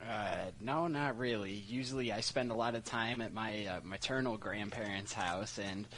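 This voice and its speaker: Young male co-host, easygoing, low-pitched, faint hum behind. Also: normal speed, fairly bright tone, poor audio. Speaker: radio co-host. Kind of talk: casual chat and read sports history notes.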